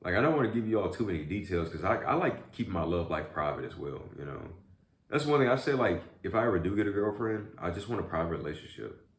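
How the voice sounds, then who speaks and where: Eating on camera for a casual mukbang, a young adult male YouTuber talks in a rambling, relaxed way, peppering in "man" and "y'all." He speaks quickly and animatedly in a low voice, and the audio sounds roomy.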